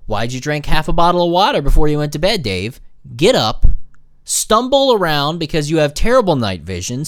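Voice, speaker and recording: Animated, jokey man telling stories. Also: medium pitch, dry recording, studio quality. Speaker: podcast host and new father. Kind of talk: casual monologue.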